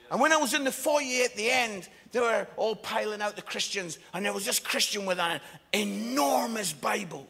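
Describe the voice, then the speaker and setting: A man's voice: high voice, normal speed, creaky, pushed and bright, slightly rough. A man preaching a sermon, passionate and emphatic, with jokes along the way. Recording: long echoing hall reverb.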